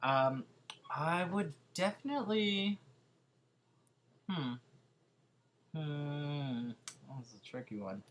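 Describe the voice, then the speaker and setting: A man's voice: on the high side, sing-song, a little slow, a bit bright. A young man with a Californian accent, chatting casually as a vlogger answering viewer questions, hesitant and full of fillers. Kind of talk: casual chat.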